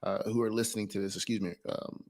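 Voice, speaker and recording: A man with a fairly low voice hosts a casual podcast interview. He sounds pumped and eager, tripping over his own phrases and restarting sentences as he goes. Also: level tone, noisy background. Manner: enthusiastic, halting with fillers and restarts. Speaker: podcast host.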